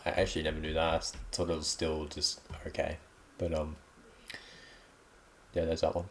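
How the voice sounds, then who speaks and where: A man's voice: rumbling low, monotone, moderate pace, a little hiss or hum. A young Australian man hosting a casual solo podcast, rambling in a laid-back way with lots of ums. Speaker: podcast host.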